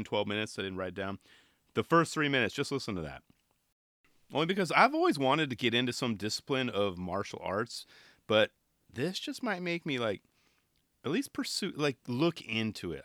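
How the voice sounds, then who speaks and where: Middle-aged male podcast host, casual rambling delivery, forceful bright tone, dry close sound. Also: medium pitch, no echo. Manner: rambling, relaxed, self-interrupting. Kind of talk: casual solo podcast talk.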